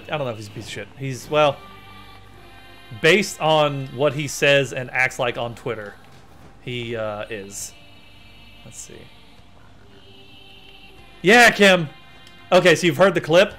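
A man streaming a video game, chatting in a rambling, excitable way as he plays. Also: mid-range voice. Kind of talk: let's play commentary. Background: faint game music.

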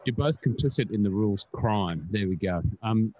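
A man's voice: on the low side, expressive, normal speed, darkish tone, muffled recording, slight background noise. An Australian man co-hosting a podcast, chatting casually and rambling with plenty of fillers. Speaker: podcast co-host.

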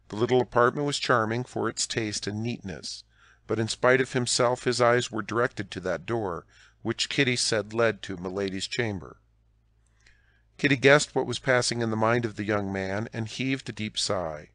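A man with a low voice reads a classic novel aloud in a measured, storytelling way. The recording is dry and close, with no room sound. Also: fairly bright tone, dry recording. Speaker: audiobook narrator. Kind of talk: classic novel audiobook narration.

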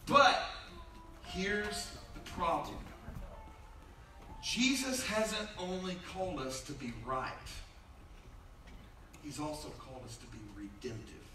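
Taking it slowly with long pauses, a middle-aged pastor with a fairly high voice preaches conversationally, telling funny stories and acting out the voices of those he quotes. The recording comes from far off in an echoey church sanctuary.

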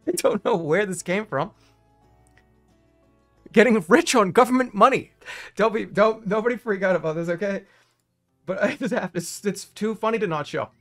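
A male streamer talking casually and excitably, with loud outbursts, swearing and frequent laughter. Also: sits high, moderate pace, long pauses, faint music behind. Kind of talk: casual live-stream chatter.

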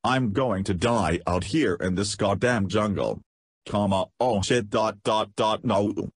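A man's voice: on the low side, takes it slowly, slightly rough, dry recording, studio quality. A man voicing a badly wounded soldier who pleads and curses in an audiobook. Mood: desperate. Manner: pleading, profane. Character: badly wounded young male soldier, panicked.

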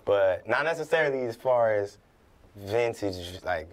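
A man's voice: on the low side, expressive, a little slow. A man from Compton, a guest singer, talking in a laid-back casual chat. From Compton, California.

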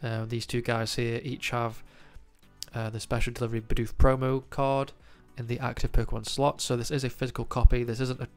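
Faint music plays behind a man with a cold as he hosts a casual card-collecting news video. His nasal, mid-range voice stays flat and moves fairly quickly, and his chatty commentary to camera is packed with ums and uhs.

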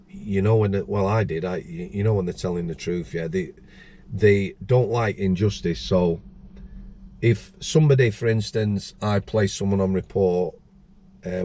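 A deep, dark-toned male voice comes through with a little hiss or hum. The speaker is a middle-aged former prison officer hosting the show, and he tells rambling anecdotes in casual storytelling chat, often restarting and acting out other people's voices.

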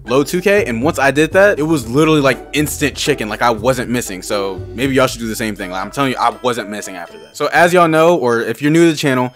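A young man talks through his gameplay at a quick clip, loose and slangy, tossing in "bruh" every few lines. His voice sits at an ordinary middle pitch for a man, with faint music playing behind him. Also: lively intonation, a bit bright. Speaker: gaming YouTuber. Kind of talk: gameplay commentary.

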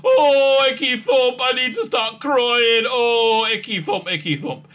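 A man's voice: very high voice, lively intonation, measured pace, a bit bright, soft background music, pitched above the performer's own voice, full character voice. A man putting on a mocking impression of a whiny, overwrought young woman, all exaggerated sing-song.

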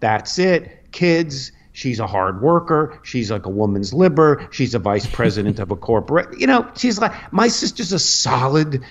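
A male comedian telling rambling anecdotes full of restarts and sudden pitch jumps, as a radio guest. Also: big pitch swings, normal speed, hardly any pauses. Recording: lo-fi radio studio audio.

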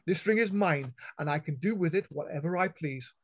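A bold young noblewoman speaks up in a high, clear voice that sits above the crowd, as a male reader puts her on. She is firm and sure of her rights. The sound is dull and lo-fi, like an online call. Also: a little fast.

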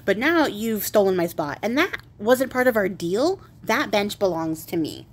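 A woman's voice: medium pitch, lively intonation, moderate pace, lightly acted. A woman voicing a fearless young man from a fairy tale who talks in a blunt, chatty, unbothered way. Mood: indignant. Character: brash fearless young male hero, cheerfully oblivious.

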